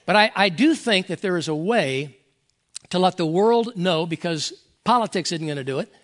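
A man's voice: high-pitched, expressive, moderate pace. An older man, a pastor emeritus, preaching a folksy, earnest sermon and reading scripture aloud.

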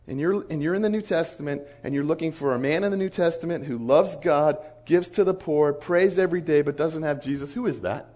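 A man preaching in an animated storytelling sermon, acting out the dialogue of the people in his stories. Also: on the high side, fairly quick. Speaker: pastor.

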